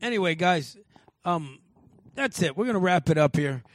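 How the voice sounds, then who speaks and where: Casual male podcast co-host, high voice, dry close sound, loose and profane. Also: expressive, moderate pace, dry recording. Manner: loose, swearing, laughing often. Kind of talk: casual chat.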